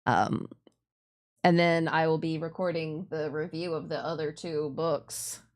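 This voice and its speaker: A woman's voice: low voice, fairly even intonation, unhurried, a little mellow. A woman streaming a video game, chatting casually in a rambling, self-deprecating way with lots of giggles.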